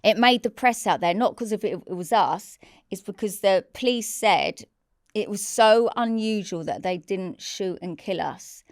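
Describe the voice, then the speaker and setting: A woman tells her story bluntly and candidly, with plenty of swearing. Her voice is smooth and clear, and she is recorded close with a dry sound and almost no room echo. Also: mid-range voice, a little slow. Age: 40s. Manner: candid and blunt, swears freely, acts out quoted shouts. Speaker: interview guest. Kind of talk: emotional personal storytelling.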